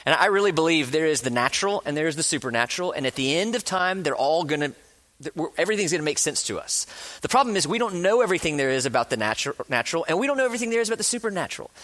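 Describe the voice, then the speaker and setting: A male pastor delivers a sermon in a slightly high voice. He talks earnestly, surging quickly through some points and dropping to a slow hush on others. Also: lively intonation. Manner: earnest, speeds up and slows down, drops to a hush for emphasis; acts out quoted speakers with rising passion.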